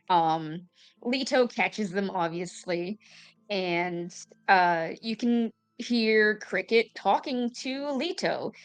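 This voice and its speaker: Woman game master, slow measured narration, smooth tone. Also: medium pitch, a bit bright. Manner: unhurried, filler-laden narration.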